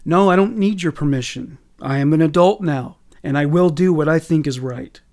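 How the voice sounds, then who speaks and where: A man's voice: a little high, moderate pace, a little mellow, close to an everyday voice. A man voicing a defiant eighteen-year-old young woman, speaking in a firm, exasperated way.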